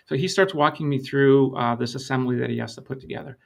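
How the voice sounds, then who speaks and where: A man's voice: medium pitch, steady tone, creaky. A middle-aged man, a lean consultant, explaining his approach in an interview and telling stories with quoted dialogue. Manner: measured, storytelling with quoted dialogue.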